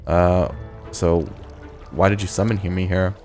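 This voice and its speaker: A man's voice: deep voice, fairly even intonation, measured pace, a little mellow. A man hosting a let's play, reading game text aloud and adding casual, joking asides. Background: game music.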